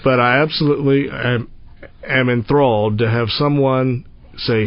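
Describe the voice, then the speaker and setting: A man's voice: mid-range voice, steady tone, a little slow, no echo. A man hosting a radio interview, talking in a rambling, folksy, joking way. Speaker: radio host. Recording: slightly muffled radio sound.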